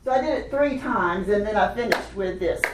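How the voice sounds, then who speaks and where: A woman leading a hands-on children's music workshop, animated and laughing often as she teaches chanted rhythms. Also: medium pitch, normal speed, noisy background. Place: workshop room with participants. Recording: echoey room, voice from a distance.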